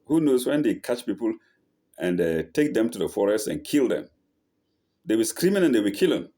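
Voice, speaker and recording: A man teaching the Quran verse by verse, reciting lines and then translating them slowly, often correcting himself and checking in with "eh?". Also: on the low side, big pitch swings, warm tone. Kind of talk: verse-by-verse scripture lesson.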